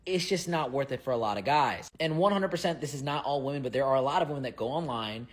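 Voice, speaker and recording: A man's voice: medium pitch, fast. A man hosting a commentary video, speaking directly to the camera as a dating coach in an emphatic, lecturing way.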